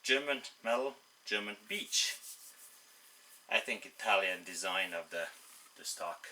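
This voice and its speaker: Testing an air rifle, a man reads off velocity figures in quick bursts and makes easygoing remarks between shots. His voice is on the low side, expressive and measured in pace, pushed and bright, recorded with roomy echo and noticeable background noise.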